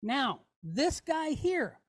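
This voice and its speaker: A woman's voice: high-pitched, big pitch swings, extremely slow. A woman teaching a language class, patiently explaining step by step, demonstrating sounds aloud and often checking in with "okay?". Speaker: Hebrew teacher.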